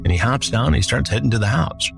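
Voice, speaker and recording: A man hosting a podcast, retelling a story in a measured, dramatic way. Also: medium pitch, animated, gravelly, over loud music. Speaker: podcast host. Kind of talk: storytelling narration.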